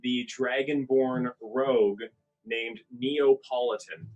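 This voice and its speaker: A man playing a tabletop game, describing his character with halting restarts. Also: mid-range voice, steady tone, darkish tone, highs cut off. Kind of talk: casual tabletop game chat.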